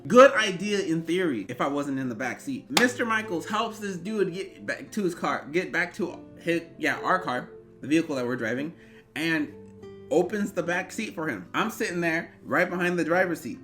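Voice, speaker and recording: Young man, storytime vlog, rambling and animated, bright forceful voice, soft guitar music behind. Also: on the high side, normal speed. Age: 20s. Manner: animated, rambling, bursts into yelps. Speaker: vlogger.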